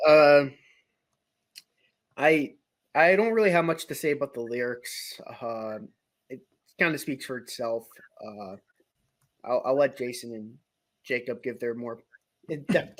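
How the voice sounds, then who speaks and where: Man, average pitch, casual album review co-host; halting delivery full of fillers. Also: a bit bright. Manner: hesitant, halting, many fillers. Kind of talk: casual chat.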